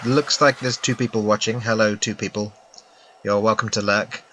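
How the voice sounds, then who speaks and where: British man, game streamer, chatty self-mocking asides, bright tense voice. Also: fairly low pitch, steady tone, normal speed. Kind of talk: casual live-stream commentary. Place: at home with a laptop.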